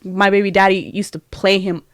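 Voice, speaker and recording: A young woman co-hosting a casual podcast, telling an animated story that often breaks into laughter. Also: mid-range voice, moderate pace, dry recording, clean studio sound. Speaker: podcast co-host. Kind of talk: casual chat.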